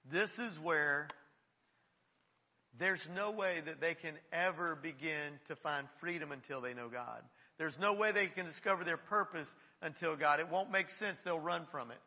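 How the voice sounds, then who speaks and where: Preacher man, kinda high bright voice, earnest and chatty, repeats himself, big church echo. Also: moderate pace. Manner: earnest, conversational preaching with repetitions. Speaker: pastor. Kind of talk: sermon. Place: church sanctuary. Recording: long reverb of a church hall.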